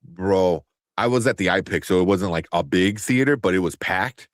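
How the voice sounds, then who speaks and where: Man, low voice, lively and swearing, casual podcast co-host, dry sound. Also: no room sound. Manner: animated, swearing, quick impressions of people. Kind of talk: casual movie chat.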